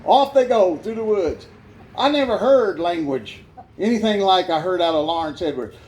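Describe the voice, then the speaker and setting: Folksy man with a high voice. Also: lively intonation, moderate pace, a little mellow. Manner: folksy, self-mocking, laughs through his words. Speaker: guest speaker giving his life testimony. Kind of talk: storytelling testimony at a church revival. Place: church.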